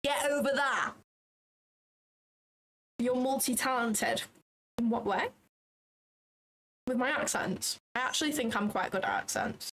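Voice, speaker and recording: A woman's voice: on the high side, very animated, a bit bright, a little hiss or hum. A woman with a Manchester-area accent hosting a trading livestream, chatting and teasing casually. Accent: Manchester area, Northern English. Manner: chatty, teasing, quick to laugh.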